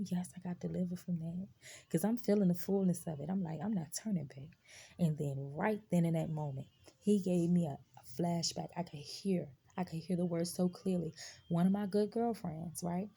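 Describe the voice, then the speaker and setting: Woman on a live stream sharing her testimony, husky and kinda raspy, talks right to the viewers. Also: on the low side, fairly even intonation, normal speed, dark tone. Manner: emphatic, conversational, addresses viewers directly.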